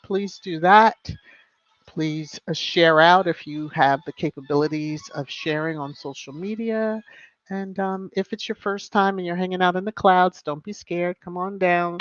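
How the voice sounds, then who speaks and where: A woman's voice: lowish voice, no room sound. A woman hosting a casual live stream, chatting with viewers and greeting them by name in a sing-song way. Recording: slightly muffled, soft background music.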